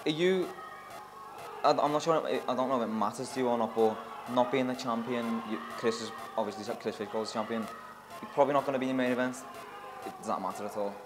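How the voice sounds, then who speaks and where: A man's voice: medium pitch, fast. A man interviewing a fighter casually, friendly, laughing along and asking short prompting questions. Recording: noisy background.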